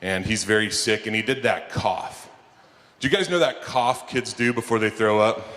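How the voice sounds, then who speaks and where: A man telling stand-up stories at a conference breakfast keynote, animated and jumping into shouted high bits when acting out scenes. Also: normal speed. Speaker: stand-up comedian and keynote speaker. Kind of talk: stand-up comedy storytelling. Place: conference hall before a live audience. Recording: long hall reverb, faint room noise.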